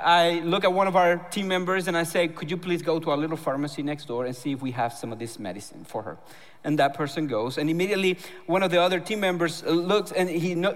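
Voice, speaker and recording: A man preaching a sermon as a pastor, telling a story with a voice that drops to a hush and rises with fervor. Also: a little high, big-room sound. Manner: storytelling, shifting from hushed to fervent. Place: church auditorium.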